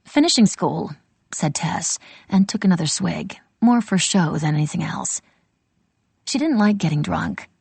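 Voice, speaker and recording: A woman narrating an audiobook in a measured storytelling manner. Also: lowish voice, expressive, creaky, a little mellow, slightly rough, dry recording. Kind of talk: scripted narration.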